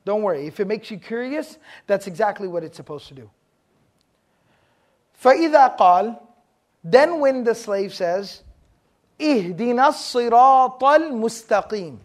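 A man from Texas with a Texan accent, lecturing a class on Quranic Arabic terms in a joking, lively way that quizzes his listeners. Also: high-pitched, brisk, pauses often. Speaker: Islamic studies teacher.

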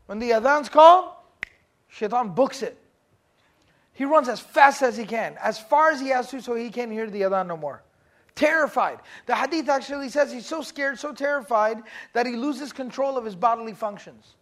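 A man's voice: extremely high pitch, expressive, moderate pace, fairly bright tone. A man giving an Islamic lesson to a group, speaking casually, asking questions and acting out stories. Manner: casual, asks the audience questions, acts out stories. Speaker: religious teacher. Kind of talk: Islamic lecture to a class.

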